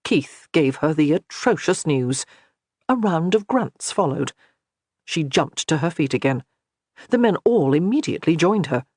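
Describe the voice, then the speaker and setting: Brief: woman narrator, expressive storytelling, lively pitch, dry close-miked sound. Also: a little slow, no room sound. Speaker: audiobook narrator. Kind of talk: scripted audiobook narration.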